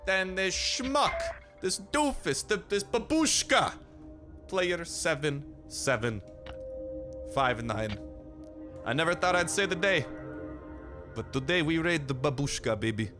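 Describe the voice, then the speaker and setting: A man hosting a gaming video with energetic gameplay commentary, goofy and hyped, breaking into sudden high squeals. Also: takes it slowly, long pauses, over music.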